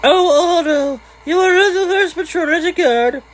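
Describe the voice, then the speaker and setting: A man voicing a kindly young village woman in a high falsetto, reading game dialogue aloud. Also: normal speed, a little hiss or hum, rough recording. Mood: encouraging.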